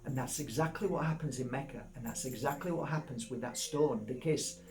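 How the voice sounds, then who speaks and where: A man's voice: mid-range voice, fairly quick, background noise. A man, a crystal healer, chatting casually and enthusiastically as he shows a stone and tells a rambling story. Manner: enthusiastic, rambling, repeats words. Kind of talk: casual unboxing talk with storytelling.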